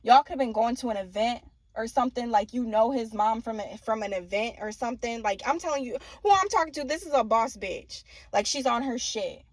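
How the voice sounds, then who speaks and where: A woman's voice: a little high, fairly quick, few pauses, dry recording. A young woman giving a casual tarot reading, blunt and profane, often laughing and mimicking people. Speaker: tarot reader.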